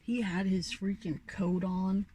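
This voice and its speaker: A woman's voice: medium pitch, fairly even intonation, unhurried, warm tone, slightly rough. Profane young woman ranting casually. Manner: profane, ranting, sighs often. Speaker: vlogger. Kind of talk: casual rant.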